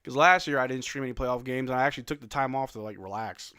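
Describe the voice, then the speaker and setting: A man with a bright, forceful tone hosts a live watch-along stream late at night. He calls the plays in a blunt, casual way, slipping into flat dismay and then shouting out. The close mic keeps his voice dry. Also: medium pitch, fast, clear, resonant tone, dry recording. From New Zealand. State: yawning, sleepy late at night. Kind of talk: casual play-by-play and chat.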